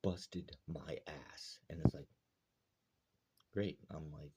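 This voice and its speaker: A man's voice: very deep voice, fairly even intonation, slow pace, heavy background noise. A man from Alberta ranting bluntly and heatedly to camera, swearing often. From Alberta, Canada. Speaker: vlogger. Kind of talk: angry rant to camera.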